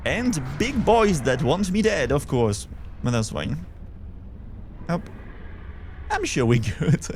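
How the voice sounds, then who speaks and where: A man's voice: a little high, wildly swooping pitch, takes it slowly, pauses often, a little hiss or hum. A young man with a Belgian French accent, chatting casually as he streams a game and answers his chat. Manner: chatty, thinks aloud, reads chat. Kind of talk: casual gameplay commentary.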